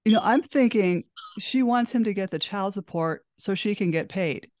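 A woman's voice: medium pitch, normal speed, darkish tone. A woman listening sympathetically and chiming in with firm agreement.

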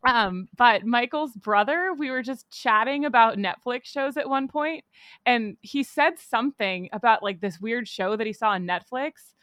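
A woman co-host in a casual chat, bubbly and quick to laugh. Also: fairly high pitch, fairly bright tone, no echo.

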